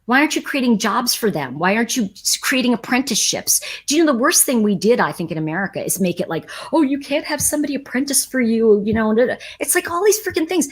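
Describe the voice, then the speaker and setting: A woman hosting a livestream, talking casually and emphatically to her chat audience in a rambling, animated way. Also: fairly high pitch, fast, few pauses, husky. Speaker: livestream host.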